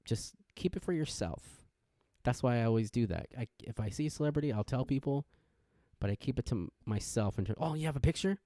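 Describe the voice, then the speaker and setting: A man hosting a podcast, rambling through a casual intro rant and jumping into sudden excitement. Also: medium pitch, brisk, no room sound, clean studio sound. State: wired on energy drink. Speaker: podcast host.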